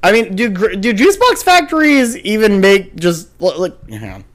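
Chatty man recapping cartoons. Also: high-pitched. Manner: animated retelling, puts on quick voices. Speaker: podcast co-host. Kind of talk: casual chat.

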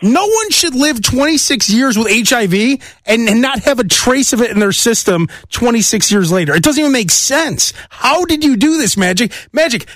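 High-voiced ranting male podcast host. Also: big pitch swings, normal speed, few pauses, fairly bright tone, no echo, clean studio sound. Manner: brash, profane, ranting. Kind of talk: casual comedic chat.

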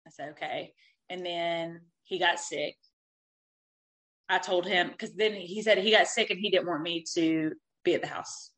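Woman, thirties, bright tone, animated confessional storyteller who swears freely. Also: fairly low pitch, measured pace, poor audio. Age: 30s. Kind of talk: candid storytelling.

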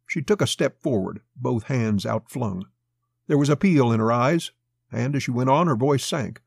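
A man with a gravelly voice reading a pulp crime story aloud as a scripted narration. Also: medium pitch, lively intonation, normal speed, no echo.

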